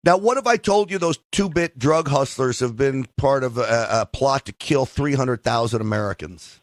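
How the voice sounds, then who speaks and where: A man's voice: medium pitch, animated, moderate pace, dry recording, studio quality. A man hosting a call-in talk radio show, teasing his callers in a jokey way and laughing often. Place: radio studio. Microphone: studio microphone.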